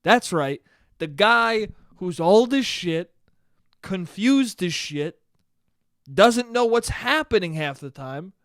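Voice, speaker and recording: A man's voice: high voice, expressive, takes it slowly, a bit bright, no echo, clean studio sound. A young man hosting a solo podcast, rambling and joking with lots of swearing. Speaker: podcast host. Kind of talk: solo casual podcast rant.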